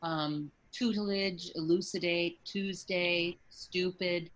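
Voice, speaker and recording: A woman dialect coach teaching a workshop, demonstrating sounds slowly and deliberately by example. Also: fairly low pitch, fairly even intonation, a bit bright, slight background noise.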